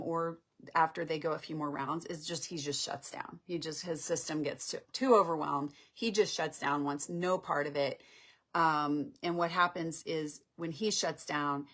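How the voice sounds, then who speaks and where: A woman's voice: on the low side, fairly bright tone. A woman relationship coach explaining on a live stream in a conversational way, often checking in with "right?". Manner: conversational, acts out couples' lines, checks in with "right?".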